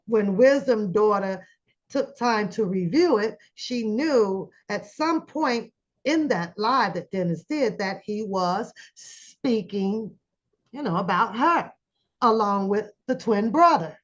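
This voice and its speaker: A woman hosting a casual commentary channel, telling a story with lively acted-out quotes. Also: medium pitch, slow pace, lo-fi sound. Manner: animated storytelling, acts out quoted voices.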